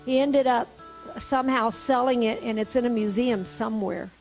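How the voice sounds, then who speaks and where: A woman with a high, bright voice preaches a sermon. She moves from a storytelling pace to fervent, questioning appeals to the congregation. Soft music plays low behind her. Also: fairly even intonation, normal speed.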